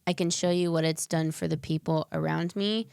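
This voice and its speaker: A woman's voice: sits low, fairly even intonation, normal speed, vocal fry, darkish tone, clear, resonant tone, no room sound, studio quality. A young adult woman as a podcast guest, talking earnestly in long winding explanations with fillers. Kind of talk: casual interview conversation.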